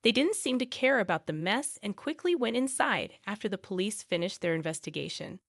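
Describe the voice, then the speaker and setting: A woman narrating a first-person family drama story in a steady, plain way. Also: mid-range voice, brisk, no echo, clean studio sound.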